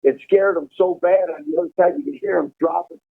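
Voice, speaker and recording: A man telling a profane, animated prison story over a prison phone call. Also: sits high, a little fast, creaky, breathy edge. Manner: profane, animated storytelling, laughing at his own tale. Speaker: incarcerated caller telling prison stories. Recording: tinny phone line.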